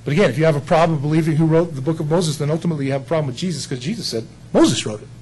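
A man preaching a sermon in a folksy, animated way, building up to emphatic peaks. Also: a little high, racing, husky, low-quality recording. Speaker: pastor.

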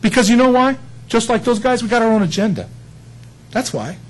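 A man preaching a sermon in a folksy, animated way, building up to emphatic peaks. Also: very high voice, fairly quick, poor audio. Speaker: pastor.

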